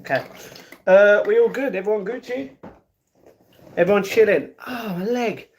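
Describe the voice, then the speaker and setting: Young british guy on a livestream, high voice, chatty and goofy, saying hi to everyone in chat. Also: moderate pace, a little mellow. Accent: British English. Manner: chatty, greets chat viewers by name; playful, breaks into improvised rap. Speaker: live stream host. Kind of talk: casual live-stream chat.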